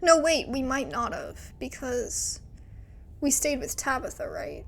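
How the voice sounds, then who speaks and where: A woman streamer playing a story game, giggling and thinking out loud as she reads it aloud. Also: high voice, sing-song, a little slow, soft background music. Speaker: let's play streamer.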